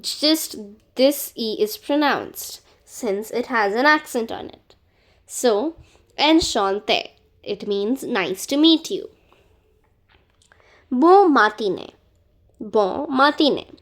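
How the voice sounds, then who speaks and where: A woman teaching beginner French greetings, saying each word slowly and more than once. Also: on the high side, expressive, fairly bright tone. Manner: slow, careful pronunciation drills with repeated words. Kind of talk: beginner language lesson.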